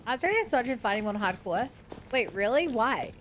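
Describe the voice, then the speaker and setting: A woman's voice: a little high, very animated, a little fast, fairly bright tone, slight background noise. A woman streamer giving casual, chatty commentary while playing a game, reacting and thinking aloud. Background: game music.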